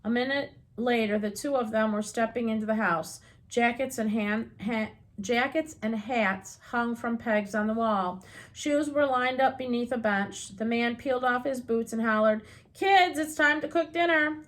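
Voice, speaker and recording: A woman reading a children's novel aloud as an audiobook reader, unhurried and gently expressive. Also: on the high side.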